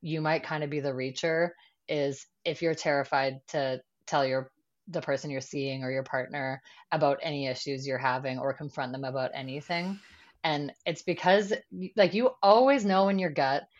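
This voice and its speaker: A woman's voice: low-pitched, moderate pace, lo-fi sound. A woman guest in a casual podcast chat, talking easily with many fillers and quoted asides.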